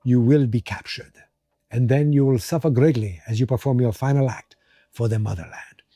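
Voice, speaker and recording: A man voicing a stern male prison guard with an attempted Russian accent and slow, menacing threats. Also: mid-range voice, warm tone, no room sound, clean studio sound, close to an everyday voice.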